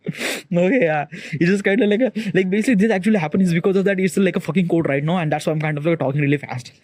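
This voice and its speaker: A man vlogging alone outdoors on a rooftop on a cold morning. He rambles fast with heavy fillers and keeps telling himself to slow down. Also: high-pitched, a little mellow, no echo. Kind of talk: rambling solo monologue.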